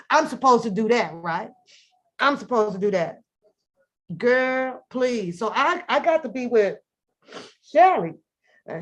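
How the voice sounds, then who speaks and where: Brief: middle-aged woman host, brash storyteller, fairly high voice. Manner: loud, animated, profane, laughing storyteller. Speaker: host of a live panel talk show. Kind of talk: casual live-stream storytelling.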